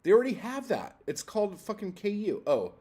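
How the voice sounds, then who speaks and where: A man's voice: high voice, wildly swooping pitch, fairly quick, slightly rough. Exasperated, profane man ranting on a livestream. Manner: profane, exasperated, swings from loud outbursts to muttering. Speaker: poetry livestream host.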